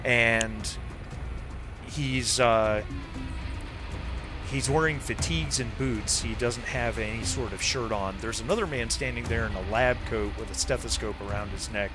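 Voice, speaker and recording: A man narrating a tabletop game as game master, casual and halting. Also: mid-range voice, over music. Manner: casual, halting with many fillers.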